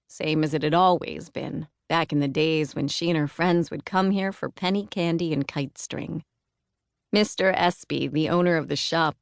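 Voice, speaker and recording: A woman narrating a novel as an audiobook in an even, measured manner. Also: low-pitched, gravelly, dry recording, clean studio sound. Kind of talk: scripted narration.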